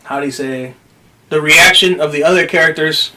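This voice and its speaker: A man with a bright, forceful, fairly high voice tells a personal story in casual podcast chat. He swears freely and acts out what others said as he goes. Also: normal speed. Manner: swears often, animated retelling with quoted voices. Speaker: podcast co-host.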